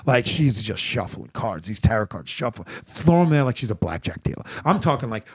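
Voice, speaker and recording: A man's voice: mid-range voice, very animated, a little fast, breathy edge. A middle-aged man hosting a podcast, telling a story in casual chat, acting out quotes and swearing freely. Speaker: podcast host.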